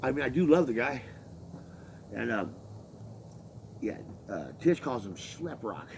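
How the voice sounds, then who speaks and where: A laborer with a medium-pitched, sing-song voice vents a long story at a measured pace, with some background noise. His talk is casual, profane, and rambling, and he acts out the back-and-forth of what people said.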